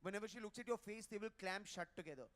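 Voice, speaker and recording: Male stand-up, high voice, teasing crowd work at a hotel ballroom event. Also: fast talker, a bit bright. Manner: brash, teasing, crowd-roasting. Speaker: stand-up comedian. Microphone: handheld mic.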